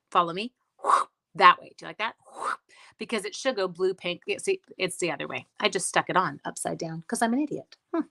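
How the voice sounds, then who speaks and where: A woman's voice: mid-range voice, bright, forceful tone. A middle-aged woman teaching a card-making class live, chatting casually, greeting viewers by name and making self-deprecating asides. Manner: rambling storyteller mid-task. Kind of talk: casual live-stream craft tutorial.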